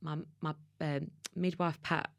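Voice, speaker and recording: A woman's voice: low-pitched, little pitch movement, measured pace, creaky, no echo, studio quality. A woman in her thirties with an Essex accent, a podcast guest telling a personal story in an emotional, tumbling way with restarts. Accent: Essex English. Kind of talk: candid conversational interview.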